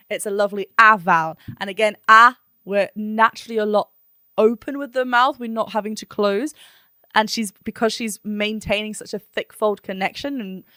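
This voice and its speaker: A woman's voice: medium pitch, fairly bright tone, no echo, studio quality. A woman vocal coach talking through a song in a chatty, analytic way, now and then singing short vowel demos. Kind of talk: reaction and analysis talk.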